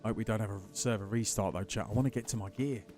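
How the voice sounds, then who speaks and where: A man's voice: lowish voice, steady tone, fast talker, music in the background. A man chatting casually and swearing as he streams a game, greeting his chat by name. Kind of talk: casual live-stream commentary while gaming.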